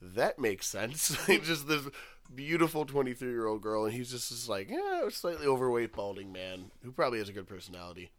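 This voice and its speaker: A man's voice: medium pitch, big pitch swings, a little fast. A young man co-hosting a podcast, laid-back, laughing often and adding dry asides. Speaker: podcast co-host. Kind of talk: casual podcast banter.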